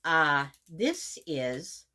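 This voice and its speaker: A woman's voice: sits low, big pitch swings, extremely slow, sharp tone. A middle-aged woman from Pennsylvania reviewing a subscription box in a casual unboxing video, gushing and repeating her words as she reads labels aloud.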